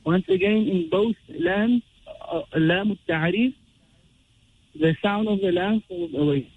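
A man teaching Quran recitation rules, explaining slowly and chanting drawn-out example verses. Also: high-pitched, animated, a little hiss or hum. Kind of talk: tajweed lesson with recited examples. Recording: tinny phone-like radio sound.

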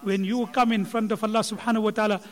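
Male preacher, high-pitched, emphatic repetition, hall reverb. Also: level tone, very fast. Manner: emphatic, repetitive counting for effect. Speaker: Islamic speaker. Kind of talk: sermon retelling a scholar's talk.

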